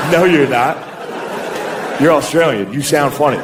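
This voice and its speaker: A man's voice: fairly high pitch, animated, a little slow, pauses often. A man in his thirties doing a stand-up set, telling profane, self-mocking stories on a comedy club stage. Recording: echoey venue, loud crowd and noise. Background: audience laughter.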